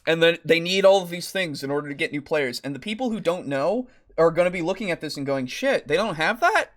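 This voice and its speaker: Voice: medium pitch, fast. A podcast co-host in a casual discussion, ranting with exasperation and frequent swearing, reading out comments and quotes as they go. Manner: reads comments and quotes aloud.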